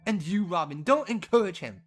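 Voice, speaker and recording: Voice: mid-range voice, expressive, brisk, soft background music, close to an everyday voice. A performer voicing a haughty young noblewoman who scolds in a prim, proper way. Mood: scolding.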